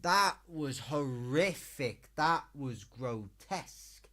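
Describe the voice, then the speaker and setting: A man's voice: mid-range voice, animated, slow pace, fairly bright tone. A British man streaming live, ranting and swearing as he reacts to a video.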